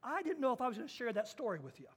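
High-voiced man preaching a sermon. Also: very animated, very fast, husky. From Kansas. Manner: storytelling with acted-out quotes, swings from hushed to loud. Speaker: pastor.

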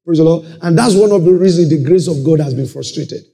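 A man's voice: fairly high pitch, fast, vocal fry, warm tone. A man preaching a sermon, often breaking in with praise and asking whether listeners are following. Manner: peppers talk with "praise the Lord" and checks listeners follow.

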